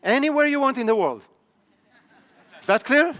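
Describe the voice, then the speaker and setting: A man's voice: very high voice, expressive, moderate pace, a bit bright. A middle-aged man, a business trainer, giving a live seminar lecture in a training room and checking in with his audience through repeated rhetorical questions. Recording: long reverb in a large training hall.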